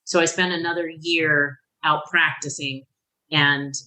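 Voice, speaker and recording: This is a woman in her fifties with a bright, forceful voice, a guest on a podcast. She tells her own life story candidly and with emotion. She often breaks off and restarts her sentences. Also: low-pitched, a little slow, rough recording. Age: 50s. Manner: emotional, animated when reliving moments, frequent restarts.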